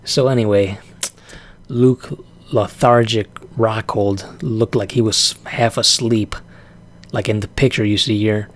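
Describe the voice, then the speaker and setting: A man's voice: fairly low pitch, steady tone, slow. A man ranting casually about a fight, profane and exasperated, breaking into laughs often. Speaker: vlogger reacting to a fight.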